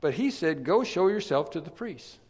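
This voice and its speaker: A man preaching a sermon, chatty in his asides and then emphatic and loud on key points. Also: on the high side, big pitch swings, normal speed, breathy edge. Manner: conversational, swings from quiet asides to emphatic loud stresses. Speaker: pastor. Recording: long reverb of a large hall.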